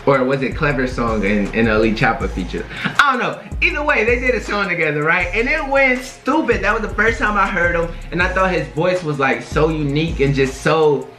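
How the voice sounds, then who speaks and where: A young man hosts a casual reaction video in a loose, slangy way, with a voice that is a little high and very bright. His voice rings around a roomy, echoey space. Faint music plays quietly behind him. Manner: slangy and laid-back, sprinkling in "bro" and "bruh". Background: faint music from the video being reacted to.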